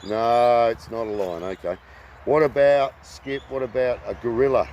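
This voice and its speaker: A man hosting a rambling casual talk, halting and full of ums and uhs. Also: mid-range voice, steady tone, a little mellow, dull audio, slight background noise. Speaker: host.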